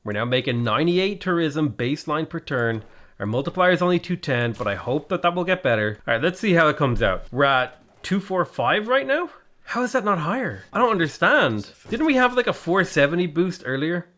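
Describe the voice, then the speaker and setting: A man talking through his strategy game in a loose, rambling way, full of exasperation and self-mockery. His voice sits somewhat high for a man and leaps around a great deal, rising sharply whenever something goes wrong. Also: sing-song, a little fast, fairly bright tone. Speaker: gaming video creator. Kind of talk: casual gameplay commentary.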